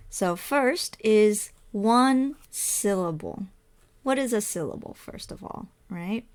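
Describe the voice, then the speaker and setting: Very slow, patient woman ESL teacher. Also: medium pitch, smooth. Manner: spells out letters, asks and answers her own questions.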